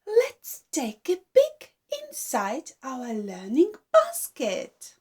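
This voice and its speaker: A woman teacher guides babies through a slow, gentle lesson, drawing out each simple sound with exaggerated repetition. Her high voice swoops widely in a sing-song way, and she praises warmly between sounds. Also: wildly swooping pitch, husky. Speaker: baby-class teacher.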